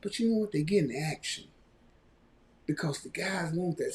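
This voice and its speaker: A man hosting a live podcast, ranting loudly and mockingly. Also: on the high side, moderate pace. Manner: loud, animated ranting with mocking quoted voices. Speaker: podcast host.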